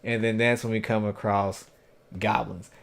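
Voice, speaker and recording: A man's voice: on the low side, little pitch movement, normal speed, gravelly. A man casually recapping an anime episode for his review, rambling and loose, with plenty of fillers, self-corrections and slang. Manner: informal slangy talk.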